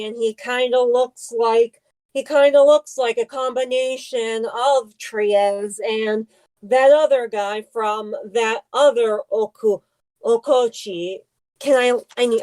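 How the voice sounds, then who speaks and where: Woman cohost, slow and kinda high voiced, jokey, says like a lot. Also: darkish tone, rough recording. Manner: playful and jokey, heavy on "like". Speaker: podcast co-host. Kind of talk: casual anime discussion chat.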